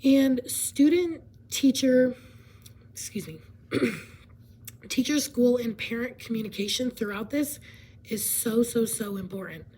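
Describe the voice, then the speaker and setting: A woman hoarse from laryngitis, partly whispering as she explains a presentation in a casual way, with fillers and frequent throat clearing. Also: on the high side, takes it slowly, dark tone, poor audio.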